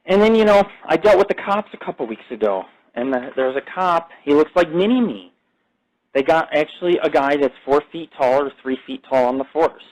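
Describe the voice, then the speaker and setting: A man's voice: a little high, expressive, brisk, darkish tone, rough recording. Rambling, profane male podcast host. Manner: profane, rambling, jumps between topics. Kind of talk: rambling casual monologue.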